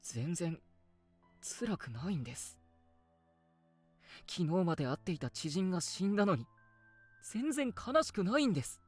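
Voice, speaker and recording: Actor doing a shaky young guy in a game, voice jumps around, quick. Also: medium pitch, expressive, soft background music, natural voice. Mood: subdued. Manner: shaky, hesitant, defensive. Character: troubled young man, grieving and confused.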